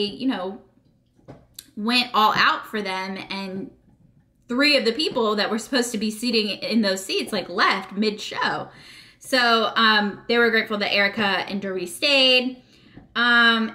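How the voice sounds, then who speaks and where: A young woman recapping a reality TV episode in a casual, gossipy vlog style, full of "like" and "um" fillers. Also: mid-range voice. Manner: gossipy, animated, many "like" and "um" fillers.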